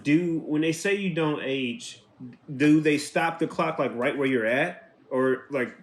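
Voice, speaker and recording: A man's voice: on the high side, unhurried. Male co-host, inquisitive, rambling with fillers, roomy echo. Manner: curious, asks questions with lots of "like". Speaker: podcast co-host. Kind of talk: casual chat.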